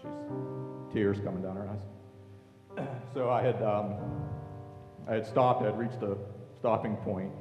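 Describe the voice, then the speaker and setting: A man, a seminary student working as a hospital chaplain, giving a halting personal testimony with many fillers on a church stage. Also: on the low side, steady tone. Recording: echoey church hall with soft music.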